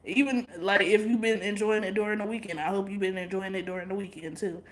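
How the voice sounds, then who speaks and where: A blunt, profane woman chats loosely, laughing often. Her voice sits at a middling pitch. The room around her rings with echo. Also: steady tone, fast talker. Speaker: livestream vlogger. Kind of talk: casual livestream chat with viewers.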